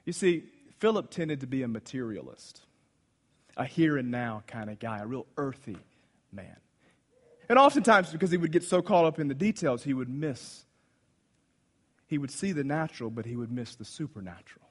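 A man preaching a sermon, swinging between loud exclamations and hushed asides as he retells a Bible story. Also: mid-range voice, animated, normal speed, husky. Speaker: pastor.

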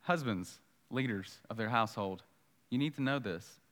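Man, pastor, bright forceful voice, conversational sermon, long hall reverb. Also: lowish voice, moderate pace. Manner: conversational preaching, emphatic repetition, acts out dialogue.

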